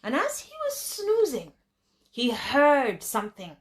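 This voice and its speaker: A woman storyteller tells a children's tale, animated and expressive, often speaking directly to her listeners. Her voice sits high, and she goes at a slow pace.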